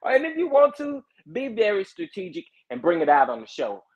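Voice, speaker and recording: A man hosts a relaxed livestream, reading comments aloud and reacting with bursts of laughter and repeated, drawn-out exclamations. His voice sits a little high. The audio is thin and tinny, like a phone line. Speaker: livestream host.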